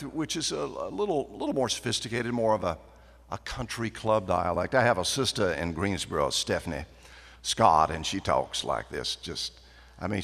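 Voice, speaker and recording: A man giving a folksy, anecdotal after-dinner speech as a guest speaker at a banquet. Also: lowish voice. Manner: folksy storyteller, lively and animated. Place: banquet hall. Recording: echoey banquet hall.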